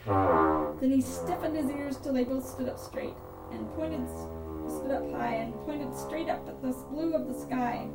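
A woman reading a rhyming storybook aloud in a sing-song, animated rhythm over improvised music. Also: a little high, a little slow. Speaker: reader. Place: house room. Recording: echoey room, mic far off, with instrument playing.

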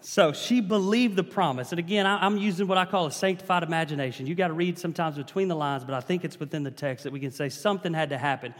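A man preaching a sermon in a church, his voice sitting a little higher than most men's. He builds emphasis and calls out to the congregation as he goes. The sound rings with the long reverb of a large hall. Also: fast, hardly any pauses.

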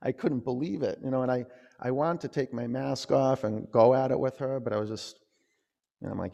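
A man teaching a yoga class, calling out poses and chatting in a relaxed, rambling way between cues. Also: mid-range voice, fairly quick, vocal fry, big-room sound.

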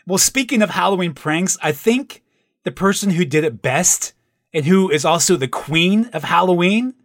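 Bright-voiced man who laughs easily. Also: high voice, animated, moderate pace, no room sound, clean studio sound. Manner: easygoing, laughs often, steers the topic. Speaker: podcast co-host. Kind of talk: casual podcast banter.

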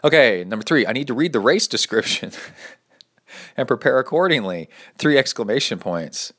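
A man hosting a podcast and coaching triathletes, chatting casually and reading listener emails aloud with playful dramatic flair and quick asides. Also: mid-range voice, lively intonation, a bit bright.

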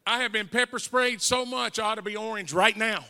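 A man's voice: sits high, steady tone, brisk, creaky, sharp tone, clean tone. A man in his forties with a Southern accent, preaching his testimony as an evangelist and acting out the voices in his story. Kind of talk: testimony sermon. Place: church sanctuary. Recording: reverberant church hall.

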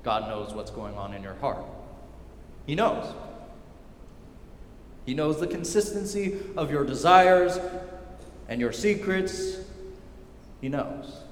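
Emphatic preacher in an echoing hall. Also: male voice, medium pitch, slight background noise. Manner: emphatic, repetitive, dropping to quiet intensity. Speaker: pastor. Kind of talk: sermon. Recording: echoey hall with long reverb.

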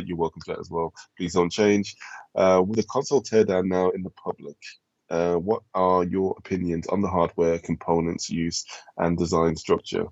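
A man's voice: sits low, darkish tone, dry recording, dull audio. A man co-hosting a casual podcast, reading out listener questions and laughing often.

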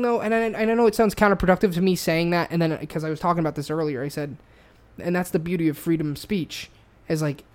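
A man's voice: high-pitched, a little mellow. A man in casual chat, ranting heatedly with lots of swearing and stumbling restarts. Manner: heated, profane, repetitive restarts.

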